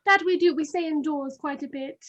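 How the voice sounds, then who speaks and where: A woman's voice: high voice, brisk, close to an everyday voice. A woman voicing a gracious female vampire who speaks in a breezy, sweetly polite way.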